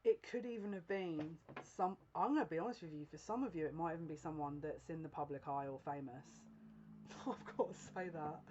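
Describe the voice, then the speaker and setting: A woman's voice: low-pitched, fairly quick, darkish tone, a little hiss or hum. A woman reads for her viewers in a casual, confiding tone of voice. She keeps breaking into giggles and restarting her sentences. The home recording sounds a little dull. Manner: earnest, confiding, direct address to viewer. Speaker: psychic reader. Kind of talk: casual tarot-style general reading to camera.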